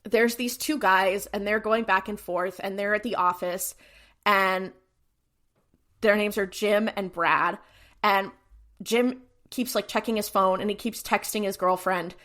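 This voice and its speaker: A woman co-hosting a podcast, retelling episodes in casual chat and acting out quick character voices. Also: mid-range voice, steady tone, fairly bright tone. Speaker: podcast co-host.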